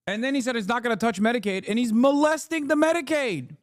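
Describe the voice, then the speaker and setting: A man's voice: extremely high pitch, quick pace, no room sound, clean studio sound. A man streaming casual political commentary, ranting in a profane, sarcastic, mocking way. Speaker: streamer host.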